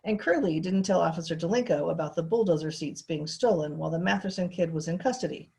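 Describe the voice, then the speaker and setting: A woman teacher reads a novel aloud in a steady, expressive way. Her voice sits a little low.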